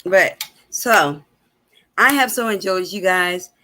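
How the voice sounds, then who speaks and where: Bright, animated woman host. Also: slow pace, slight background noise. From Chicago, USA. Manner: animated storyteller with big pitch swings, laughs often. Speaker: host and minister. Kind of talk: live-streamed casual talk show. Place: at home.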